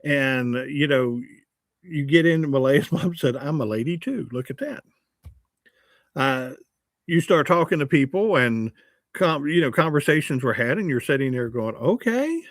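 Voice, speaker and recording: A man's voice: medium pitch, normal speed, no room sound, clean studio sound. A man in his sixties, a longtime radio host, chatting casually on a livestream and reading comments, joking and poking fun at himself. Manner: joking, chatty and self-mocking.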